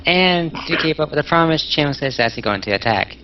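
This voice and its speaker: A man's voice: a little high, lively intonation, moderate pace. A man playing a tabletop game, casually describing his character's actions, on a muffled recording. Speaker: player. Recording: lo-fi voice chat with faint noise.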